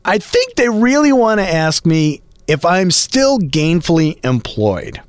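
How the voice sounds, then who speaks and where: Chatty, animated middle-aged man. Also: high voice, a little slow, no room sound. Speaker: podcast host and voice actor. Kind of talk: casual podcast monologue.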